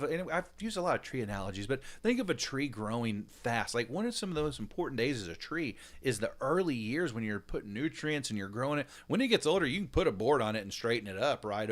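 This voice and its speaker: A man in his thirties hosting a podcast, telling stories with animated, casual, slangy talk and acting out the dialogue. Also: medium pitch. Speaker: podcast host.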